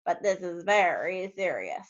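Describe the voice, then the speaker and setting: A woman voicing a male chief frog in a storybook, a leader who speaks slowly and seriously. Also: on the low side, big pitch swings, pitched below the performer's own voice. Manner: slow and serious. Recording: dull lo-fi recording.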